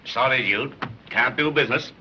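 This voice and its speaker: An actor playing a sarcastic, hard-nosed police commissioner in an old film. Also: male voice, mid-range voice, moderate pace, bright, forceful tone, a little hiss or hum. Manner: sarcastic, clipped. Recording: dull muffled 1930s film soundtrack.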